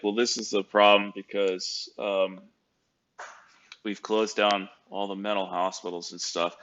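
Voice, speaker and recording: A man's voice: fairly low pitch, a bit bright, lo-fi sound. A man in his fifties giving casual commentary, rambling and hesitant with many fillers. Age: 50s. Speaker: YouTube commentator.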